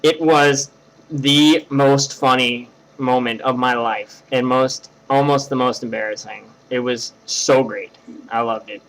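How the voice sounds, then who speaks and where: A man's voice: mid-range voice, a little slow, rough recording. A young man from Tennessee, telling a rambling story to his webcam with lots of fillers and restarts. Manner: rambling, animated, filler-heavy. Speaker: vlogger.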